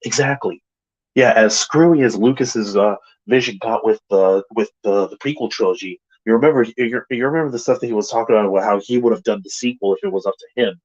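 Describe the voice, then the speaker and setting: A man co-hosting a casual review chat, rambling and excitable, often restarting his sentences and swearing. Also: lowish voice, a little fast, dull audio. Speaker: podcast co-host.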